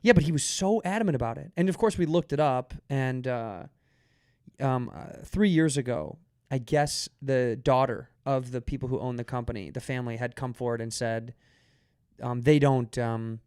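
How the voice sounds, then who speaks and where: A man in casual podcast chat, telling an animated story full of fillers, restarts and acted-out quotes. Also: mid-range voice, moderate pace, clean tone, no echo, clean studio sound.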